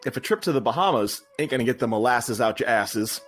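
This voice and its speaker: A man playing a blustering, loud male restaurant boss in a comedic scene reading, bullying and rhyming taunts at a waiter. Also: medium pitch, expressive, fast, slightly rough, soft background music.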